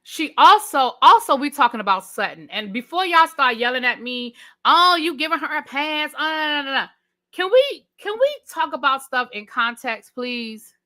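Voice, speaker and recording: A woman's voice: high-pitched, very animated, moderate pace, pushed and bright. A woman hosting a live review stream, chatting with viewers in a casual, emphatic way with lots of slang. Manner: chatty, emphatic, Southern-tinged slang ("child", "ain't", "honey").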